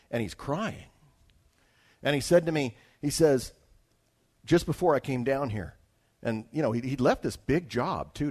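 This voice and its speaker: A man's voice: medium pitch, darkish tone, breathy edge. Man from Alaska telling a testimony story. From Alaska, United States. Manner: conversational, frequent restarts and asides to listeners. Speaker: traveling evangelist.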